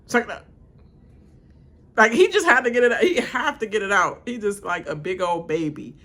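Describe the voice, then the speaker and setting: Her voice is medium-pitched and a bit bright, at a moderate pace. Streaming a live watch-along of a reality show, she rants bluntly, laughs often, and acts out the cast with exaggerated voices.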